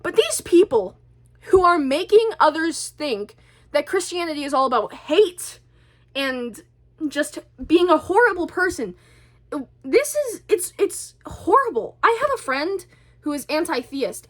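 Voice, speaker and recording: A woman's voice: high voice, animated, a little slow. A woman vlogger talking in a chatty, rambling way, with a stutter and many restarts. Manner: chatty, rambling, self-deprecating. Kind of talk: casual rambling monologue.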